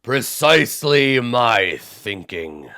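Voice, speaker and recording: Un homme qui fait un géant cyclope lent et tonitruant. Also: male voice, very animated, vocal fry, sharp tone, no echo, clean studio sound, exaggerated voice. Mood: curious. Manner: booming, drawn-out slow delivery. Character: huge slow male cyclops giant, curious and menacing.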